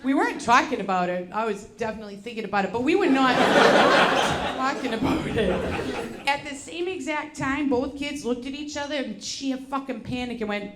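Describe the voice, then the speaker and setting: Brash, high-voiced woman doing stand-up. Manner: brash, profane and loud, quick to laugh. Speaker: stand-up comedian. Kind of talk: stand-up comedy set. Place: comedy show with laughing audience. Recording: echoey live venue with loud background noise.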